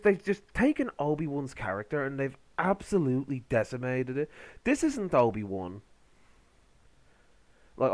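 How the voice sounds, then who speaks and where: A man's voice: mid-range voice, no echo. A man ranting in a reaction commentary, indignant and sarcastic, swearing as he complains.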